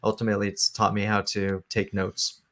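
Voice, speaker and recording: A man's voice: fairly low pitch, completely flat delivery, a little fast, fairly bright tone. A man, a comic book writer, talking about his work in an interview, with many fillers and restarts. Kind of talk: casual interview talk.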